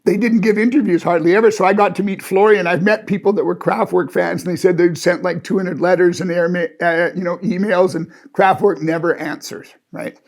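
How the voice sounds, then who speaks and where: A man's voice: high-pitched, fairly even intonation, a little fast, few pauses. A man in his sixties telling an amused, rambling personal anecdote in a chatty way. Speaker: storyteller. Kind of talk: casual anecdote.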